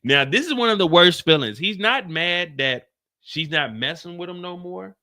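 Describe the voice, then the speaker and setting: A TV recap host gives a casual, slangy livestream rundown of an episode, animated and acting out the characters. His voice sits high and moves at normal speed through a streaming mic.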